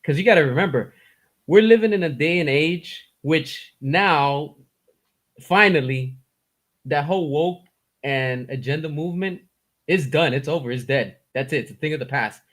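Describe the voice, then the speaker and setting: A man's voice: a little high, moderate pace, a bit bright. A man speaking bluntly and emphatically in a casual chat.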